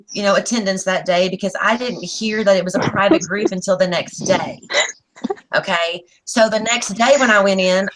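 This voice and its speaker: A grown woman with a drawl tells a long story on a casual panel. Her voice is mid-pitched. She is blunt and lively, and she slips into the voices of the people she quotes. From Oklahoma, USA. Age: adult. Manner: animated, blunt, acts out quotes. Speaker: panel guest.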